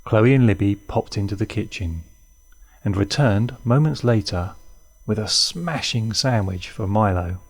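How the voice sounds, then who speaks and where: A man reading a children's story aloud in an expressive way. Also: lowish voice, measured pace, creaky, soft background music. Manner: warm, expressive read-aloud.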